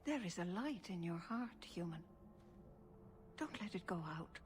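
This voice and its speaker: A solemn old elf elder. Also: female voice, fairly low pitch, expressive, crowd noise. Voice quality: measured, solemn, formal. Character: wise, calm elderly female elf keeper. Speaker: elf clan elder in a video game. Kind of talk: video game voice acting.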